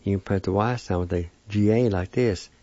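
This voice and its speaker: A man teaching vocabulary in a patient, slow lesson, sounding out each word syllable by syllable. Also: on the low side, dark tone, dry recording. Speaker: language teacher. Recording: dull lo-fi dry recording.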